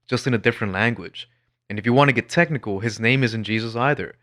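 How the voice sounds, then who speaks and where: A man's voice: mid-range voice, fast, fairly bright tone. A man narrating his own story in a wry, blunt, sardonic scripted voice.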